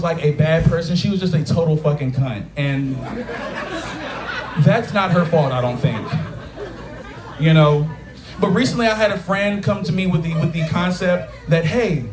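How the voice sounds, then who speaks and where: High-voiced man doing stand-up in an echoey bar. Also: background noise. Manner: profane, animated storytelling with acted-out quotes. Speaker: stand-up comedian. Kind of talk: stand-up comedy set. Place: taproom stage with a live audience. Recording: echoey bar room with loud crowd laughter.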